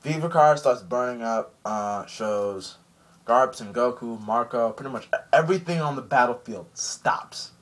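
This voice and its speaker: A man reviewing an anime episode in a casual recap, animated and rambling with many fillers. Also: medium pitch, measured pace.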